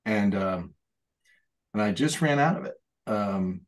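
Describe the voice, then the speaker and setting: A man's voice: fairly low pitch, lively intonation, slow pace. A man chatting casually on a video call while painting, rambling and correcting himself. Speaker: artist painting during a group session.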